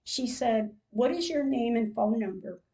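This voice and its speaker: An older woman hosting a podcast, reading out a personal diary-style account in a slow, measured way, with emotional moments. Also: fairly high pitch, expressive, warm tone, rough recording. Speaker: podcast host.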